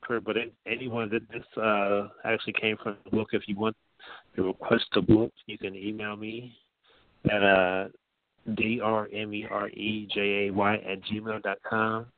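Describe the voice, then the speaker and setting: A soft-spoken man giving an informal teaching and hosting, talking haltingly with frequent restarts. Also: fairly low pitch, level tone, no echo. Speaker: teacher and host. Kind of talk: informal teaching over a phone line. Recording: tinny phone line.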